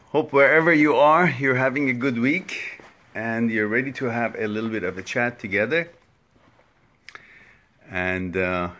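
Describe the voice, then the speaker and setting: Slow-talking man hosting a live stream. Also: medium pitch. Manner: slow, warm greetings of viewers by name, stumbling over names. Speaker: host of a live Q&A talk. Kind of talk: casual live-stream greetings. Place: home setup for a social media live stream.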